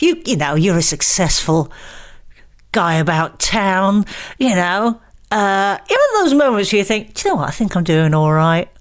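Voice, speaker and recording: Female comic co-host, casual, giggly, storytelling asides. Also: mid-range voice. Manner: chatty, laughing, jokey asides. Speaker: comedian co-host. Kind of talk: casual chat.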